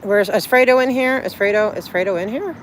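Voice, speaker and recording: The voice is medium-pitched and fairly quick, with slight background noise. It belongs to a livestreamer reading viewer chat and talking casually, effusive and rambling with many restarts, recorded on a phone outdoors at night.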